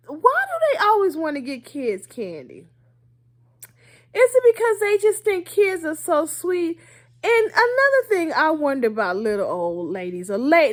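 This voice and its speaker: A woman vlogger chatting casually to her viewers, laughing often and asking them rhetorical questions. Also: high-pitched. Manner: playful, laughs often between lines. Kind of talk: casual monologue to camera.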